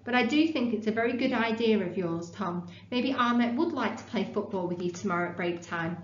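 A woman's voice: fairly high pitch, expressive, a little fast, echoey room, highs cut off, close to an everyday voice. A woman reading aloud and voicing a kind but firm female schoolteacher talking to children in a storybook. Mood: gentle.

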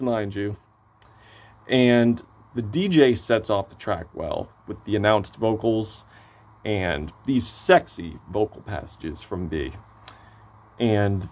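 A man with a hoarse voice giving a casual, excitable album review, gushing and swearing freely. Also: lowish voice.

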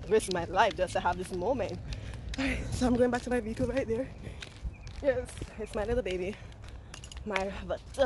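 A young woman vlogging outdoors on a phone, talking to herself, swearing, venting her frustration and then hyping herself up. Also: mid-range voice. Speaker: travel vlogger. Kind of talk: casual vlog monologue. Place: outdoors by the coast. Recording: phone video with loud outdoor noise.

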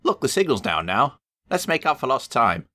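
A man's voice: mid-range voice, big pitch swings, normal speed, bright, forceful tone, no echo, clean studio sound, pitched above the performer's own voice. A man doing a kindly lady guard. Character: cheerful forgiving female railway guard.

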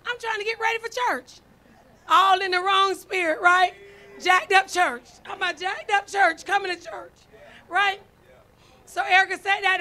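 A woman preaching with a very high, bright, ringing voice. She tells folksy stories and keeps calling to her congregation for response. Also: moderate pace. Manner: folksy, storytelling, calls out to congregation with "y'all" and "right?". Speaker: first lady preacher. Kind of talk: sermon.

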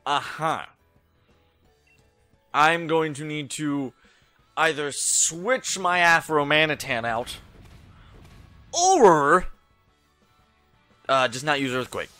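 A man's voice: on the high side, slow, long pauses, pushed and bright, no room sound, faint music behind. A man giving laid-back, self-mocking commentary while playing a video game, close to the mic. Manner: laid-back and jokey, laughs at himself. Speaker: let's play host.

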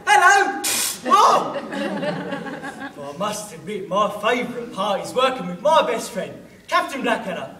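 A man's voice: sits high, sing-song, normal speed, crowd noise. A young man playing a dim-witted, cheerful army private in a solo school drama performance, talking in a simple, eager way. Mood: cheery. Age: young adult. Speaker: drama student. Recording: echoey room, far camera.

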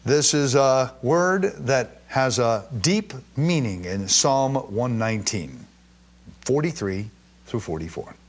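A man with a slightly husky voice teaches scripture to a live audience, his pitch rising and falling freely as he leans on key words. He reads verses slowly and with weight, then slips into chatty asides and questions for his listeners. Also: expressive. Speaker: Bible teacher.

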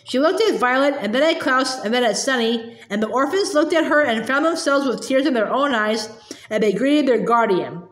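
A woman reading a novel aloud, clearing her throat often and restarting small slips. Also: sits high, animated, normal speed. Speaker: audiobook reader. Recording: roomy echo.

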